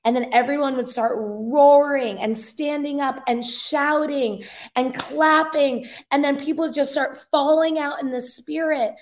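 A woman's voice: sits high, steady tone, unhurried, few pauses. A young woman, a revivalist minister, giving an earnest, emotional testimony as a guest in a casual interview. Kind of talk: conversational testimony in a podcast interview.

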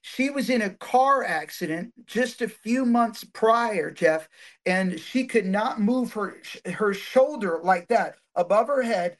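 High-voiced man telling healing stories. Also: takes it slowly. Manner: animated testimony, frequent fillers and restarts. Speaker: guest minister. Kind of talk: storytelling in a podcast interview.

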